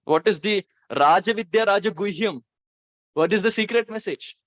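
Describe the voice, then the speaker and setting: A man putting on a probing older teacher, lower than the narrator, dull lo-fi dry sound. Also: normal speed, fairly bright tone, no echo. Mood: puzzled. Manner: probing, pressing questions.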